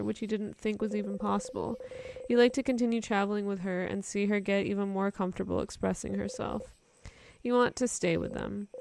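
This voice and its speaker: A woman's voice: medium pitch, creaky, noisy background. A young woman streamer reading a game's narration aloud in a casual, chatty way. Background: game music.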